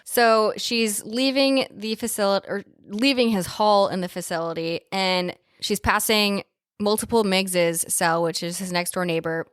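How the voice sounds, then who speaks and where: A woman's voice: medium pitch, steady tone, a little slow, smooth, no room sound, clean studio sound. A young adult woman co-hosting a podcast, casually retelling film scenes with playful asides and swearing. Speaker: podcast co-host.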